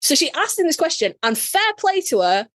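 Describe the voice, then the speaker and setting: A British woman, a podcast guest, telling a story in casual chat, animated and swearing freely. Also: high-pitched, moderate pace, no room sound. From United Kingdom.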